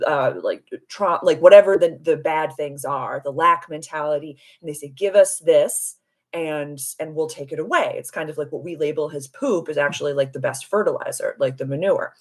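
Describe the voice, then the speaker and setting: Low-voiced woman chatting on a live stream. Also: normal speed. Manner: animated, giggly storytelling with acted-out voices; reads and answers viewer comments. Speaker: spiritual coach hosting a live stream. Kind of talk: casual live-stream chat.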